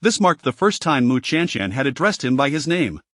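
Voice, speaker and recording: A man giving scripted audiobook narration of a romance story in an even, steady reading. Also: medium pitch, normal speed, dry recording, studio quality.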